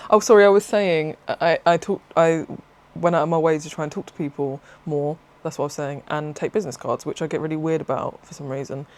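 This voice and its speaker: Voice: mid-range voice, brisk, hardly any pauses. Chatty craft vlogger, rambling. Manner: rambling, excitable, self-interrupting, laughs often. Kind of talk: casual chatty vlog.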